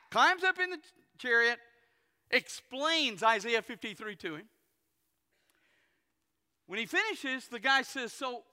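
A pastor preaching a sermon, telling stories folksily and acting out the characters. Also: male voice, very high voice, lively intonation, moderate pace, pushed and bright, clean tone. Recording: long hall reverb.

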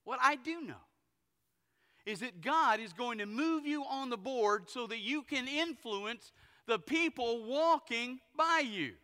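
A pastor preaching a sermon, telling stories folksily and acting out the characters. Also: male voice, very high-pitched, expressive, takes it slowly, bright, forceful tone. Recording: long hall reverb.

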